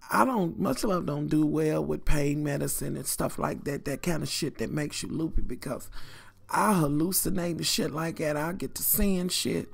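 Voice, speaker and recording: Gravelly woman telling a story. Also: low-pitched, moderate pace. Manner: animated, profane, addresses viewers as y'all. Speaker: vlogger. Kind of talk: storytime vlog.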